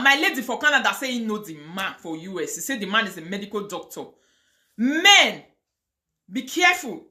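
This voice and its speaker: A woman with a Nigerian accent rants on a live video as an online host, her voice on the high side, bright and forceful. She mixes in pidgin and chants curses and prayers with fire.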